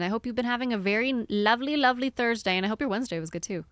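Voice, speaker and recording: A woman's voice: fairly high pitch, racing, no echo, clean studio sound. A young woman streaming a game live, chatting casually with her viewers in a rambling, giggly way. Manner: rambling, giggly, talks to chat.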